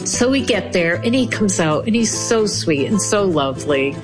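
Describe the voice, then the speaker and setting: A woman telling a personal story in a lively way, acting out the voices of the people she quotes. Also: mid-range voice, moderate pace, music in the background. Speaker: storyteller recounting her experience.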